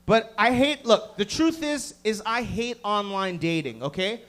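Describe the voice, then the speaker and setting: High-voiced profane stand-up comic. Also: male voice, expressive, a little slow, a bit bright. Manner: profane, riffing with the audience, acting out voices. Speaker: stand-up comedian. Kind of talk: stand-up set with crowd work. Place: comedy club stage.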